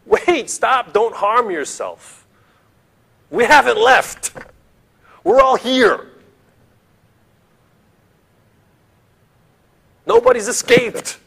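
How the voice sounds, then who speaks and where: A man voicing an urgent male apostle shouting to stop someone from harming himself. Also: wildly swooping pitch, slow, creaky, long pauses, breathy edge, exaggerated voice. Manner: urgent, high and loud.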